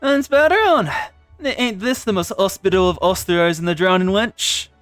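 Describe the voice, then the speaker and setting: A man voicing a gruff male tavern owner in a video game, with a rough sailor's brogue that keeps slipping. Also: sits high, expressive, brisk, fairly bright tone, no room sound, faint music behind. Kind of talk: reading game dialogue aloud.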